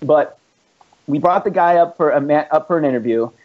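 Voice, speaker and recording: A man's voice: a little high, brisk. A man, a band's founding musician, telling rambling, profanity-laced stories with laughs in a casual chat. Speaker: band founder and musician, guest. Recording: muffled lo-fi podcast recording.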